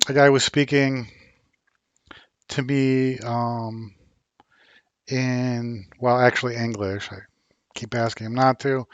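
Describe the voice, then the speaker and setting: Slow, halting man with many ums. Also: medium pitch, clean tone, dry recording, muffled recording. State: a bit worn out. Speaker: vlogger learning Spanish. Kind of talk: casual vlog chat.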